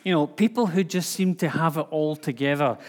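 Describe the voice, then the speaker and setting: A preacher with a Scottish accent gives an informal, chatty sermon full of fillers and restarts. His voice is on the high side, fairly quick and a little mellow, and the recording carries a long hall reverb.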